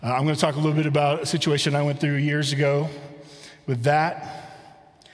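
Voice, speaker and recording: A middle-aged man preaching a conversational sermon, asking rhetorical questions and reading scripture slowly. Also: a little high, flat delivery, in a large hall. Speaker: pastor. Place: church sanctuary.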